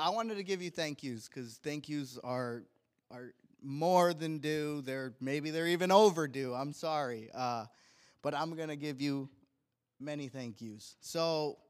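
A young man in church reading a heartfelt tribute to his wife from his notes, earnest and deliberate. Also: a little high. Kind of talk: read tribute speech in church.

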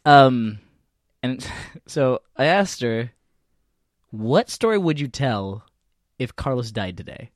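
Brief: host, very expressive pitch, playful, dry close mic. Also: takes it slowly, long pauses, no room sound. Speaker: podcast host. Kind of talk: casual interview chat.

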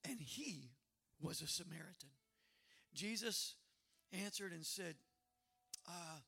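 A male pastor preaching with a high, gravelly voice. His tone is bright and edged, and he leans hard on key words, building to loud, emphatic calls. It sounds like a sermon delivered to a congregation. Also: a little slow, pauses often. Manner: emphatic preaching with repetitions, rising to loud exclamations.

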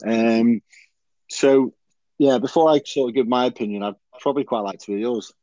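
A man's voice: medium pitch, moderate pace, warm tone, no echo, dull audio. A man hosting a casual rugby chat podcast, rambling and full of fillers and restarts. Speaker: podcast host.

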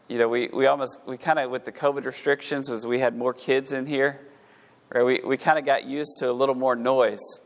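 A male pastor preaching in a church, his voice at an ordinary middle pitch. He reads old scripture wording aloud and then breaks it down, stumbling over repeated words as his fervor builds. The room has a long, echoing reverb. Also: level tone, fairly quick. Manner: repeats words while rising to fervent emphasis. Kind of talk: sermon. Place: church sanctuary. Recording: echoey hall.

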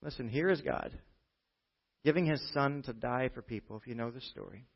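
A man preaching a sermon to a church congregation, chatty and full of rhetorical "right?" checks, dropping from loud emphasis to quiet asides. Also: mid-range voice, moderate pace, creaky, slightly rough. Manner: conversational, with frequent rhetorical "right?". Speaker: pastor. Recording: dull, muffled lo-fi recording.

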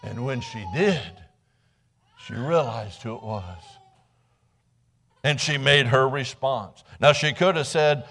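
A man's voice: medium pitch, a little slow, a bit bright. Man preaching a conversational sermon. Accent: Midwestern American. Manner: conversational storytelling, dramatic acted quotes; repeats words when restarting. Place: church sanctuary.

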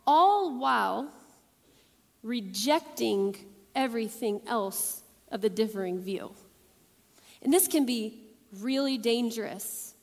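A woman preaching a youth sermon in a lively, conversational way, asking the audience questions. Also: sits high. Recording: long hall reverb.

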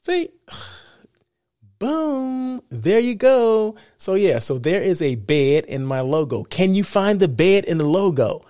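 Slow and mellow, this American host's high voice swings widely in pitch, captured in a dry, clean studio recording. He runs a live show and podcast, chatting casually in live-stream style, tossing in "right?" again and again and laughing at his own jokes.

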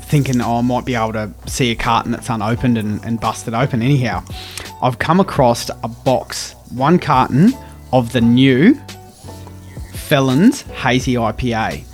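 A man's voice: mid-range voice, moderate pace, soft background music. A man with an Australian accent, a podcast co-host telling a long story in casual chat with mates, swearing freely.

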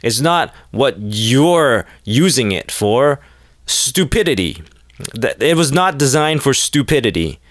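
A man's voice: mid-range voice, lively intonation, a little slow, few pauses, no room sound, clean studio sound. A man, hosting a podcast and ranting with sarcasm and profanity, mocking people in quoted voices. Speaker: podcast host. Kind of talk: ranting monologue.

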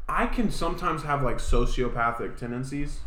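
A man's voice: medium pitch, normal speed, pushed and bright, reverberant. A man co-hosting a podcast, telling rambling stories in casual chat and laughing often. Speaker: podcast co-host.

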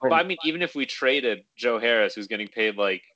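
A man's voice: mid-range voice, lively intonation, brisk, pushed and bright, dull audio. A young man co-hosting a casual sports podcast, arguing his point hesitantly with many restarts. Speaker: podcast co-host.

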